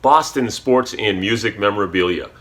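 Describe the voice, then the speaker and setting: A man reading a sponsor ad with a brisk, salesy delivery. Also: lowish voice, a bit bright. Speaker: ad announcer. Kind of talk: read sponsor ad.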